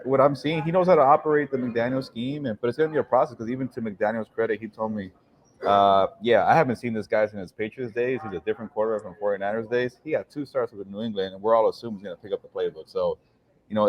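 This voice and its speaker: Low voice podcast guy talking super fast, fillers everywhere, muffled remote sound. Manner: rapid, filler-heavy talk. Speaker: podcast co-host, football reporter. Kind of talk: casual sports podcast chat.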